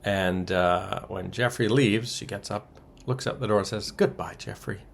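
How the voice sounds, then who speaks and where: A man's voice: lowish voice, fairly even intonation, a little slow, gravelly. A man co-hosting a podcast, casually recapping soap opera episodes with wry asides and chuckles. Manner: wry, chuckles through summaries, many ums and uhs.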